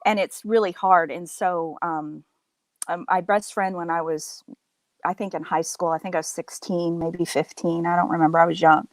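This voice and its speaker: A woman's voice: fairly low pitch, normal speed, no room sound, rough recording. A middle-aged woman in casual chat, telling a story animatedly and acting out the voices of others. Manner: animated storyteller, acts out quoted voices, laughs often.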